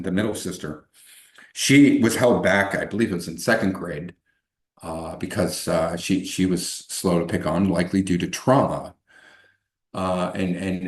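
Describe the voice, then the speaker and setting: Deep-voiced rambling middle-aged man. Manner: rambling, many restarts and fillers. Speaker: guest. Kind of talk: casual interview storytelling. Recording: echoey room.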